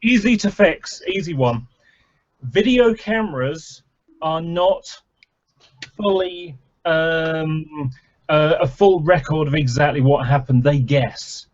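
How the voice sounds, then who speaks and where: A man's voice: fairly high pitch, takes it slowly, highs cut off. A man in an online group chat, explaining things in a plain, matter-of-fact way.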